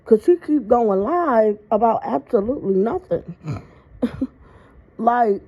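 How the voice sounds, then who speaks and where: A sassy, animated woman talks to her viewers at an unhurried pace, reacting casually and letting her exasperation show plainly. Her voice is slightly high, and the audio sounds dull and lo-fi.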